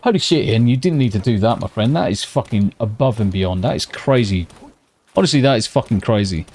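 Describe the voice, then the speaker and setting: A British man streaming live from home at night, chatting casually with viewers, swearing constantly and talking slightly quietly. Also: lowish voice, expressive, brisk, slightly rough.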